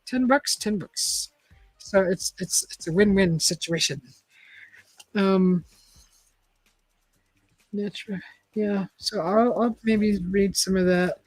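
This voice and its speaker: A woman's voice: mid-range voice, slow, long pauses, darkish tone, no room sound, low-quality recording. Woman, middle-aged, casual chat, rambling, dry close recording, faint music behind. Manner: rambling and chatty, with frequent restarts and laughs. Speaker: host. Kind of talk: casual chat and reading aloud.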